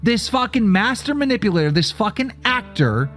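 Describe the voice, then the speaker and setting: Brief: man, somewhat high voice, heated profane storytelling, faint music bed. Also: very animated, normal speed, a bit bright. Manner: profane, agitated, acts out both sides of the call. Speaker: streamer recounting a phone call.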